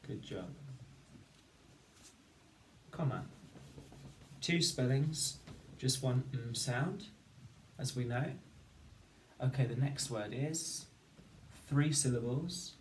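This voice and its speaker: A male teacher giving a patient phonics lesson, slowly sounding out each word and syllable. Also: medium pitch, animated. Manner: slow, patient, sounding out words. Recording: roomy, distant mic with faint noise.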